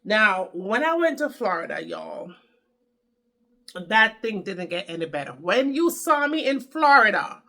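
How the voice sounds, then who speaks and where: Bright-voiced Jamaican woman vlogging. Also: mid-range voice, big pitch swings, a little slow, vocal fry. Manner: chatty, dramatic storyteller addressing viewers. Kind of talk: casual chat to camera.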